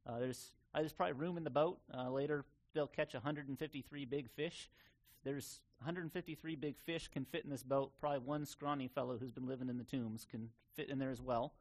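A man preaching a sermon in an earnest, conversational way, sometimes pausing on fillers. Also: medium pitch, steady tone. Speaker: pastor.

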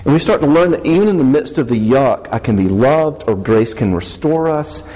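Male speaker, lively and humorous, church talk, long reverb. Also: mid-range voice, moderate pace. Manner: lively, joking, asks the audience questions. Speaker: speaker on faith and marriage.

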